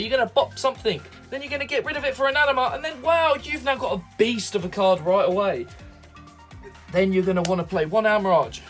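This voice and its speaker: A man giving hyped solo video commentary as a card game deck reviewer, excitable and salesy. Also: sits high. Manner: excitable, salesy, hypes everything.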